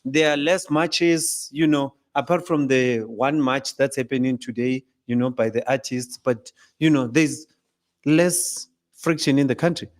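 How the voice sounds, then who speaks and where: A man's voice: mid-range voice, unhurried. A man with a South African accent hosting a casual football chat, telling stories and asking pointed questions. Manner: lively storyteller, asks pointed questions, laughs along. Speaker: show host.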